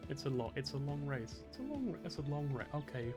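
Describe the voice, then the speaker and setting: A man streaming a game, talking casually and cursing often in loud, exasperated outbursts. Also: medium pitch, sing-song, brisk. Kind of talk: casual live-stream commentary. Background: game music.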